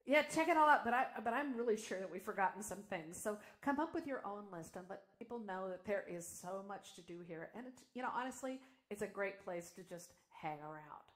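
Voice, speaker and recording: A woman's voice: medium pitch, expressive, brisk, few pauses. A woman co-hosting a live news stream in a chatty, loose way, laughing often between announcements.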